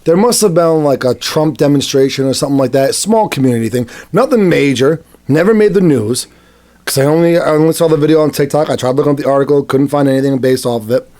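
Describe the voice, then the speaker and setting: A man's voice: fast, mellow. Rambling man telling a story on a podcast. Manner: rambling storyteller, acts out quotes in high voices. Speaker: podcast co-host. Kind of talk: casual chat.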